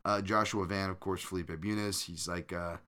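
A man hosting a live show, talking casually as he reads viewers' comments aloud. His voice sits on the low side but sounds bright and forward. He speaks loosely, full of ums, uhs and restarts. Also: steady tone, normal speed, clean tone. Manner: loose and conversational, frequent fillers and restarts. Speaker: podcast host.

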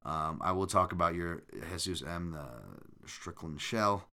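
A man's voice: sits low, unhurried, bright, forceful tone, clean tone. Chatty man hosting a live podcast. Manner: loose and conversational, frequent fillers and restarts. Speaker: podcast host. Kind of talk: live-streamed casual chat, reading viewer comments.

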